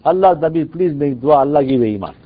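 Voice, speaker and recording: An earnest young male disciple, put on by a male preacher, pleading in a high, swooping voice. The tone is husky. The recording is dull and lo-fi. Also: lively intonation, fairly quick.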